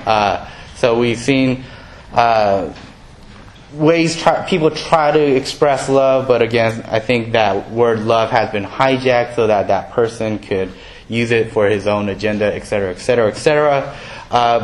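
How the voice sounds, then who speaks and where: A man delivering a sermon to his congregation, relaxed and conversational, with a middling voice. He slips into quick acted-out quotes and pokes fun at his own jokes. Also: mid-range voice. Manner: conversational, self-deprecating, acts out quoted voices. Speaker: pastor.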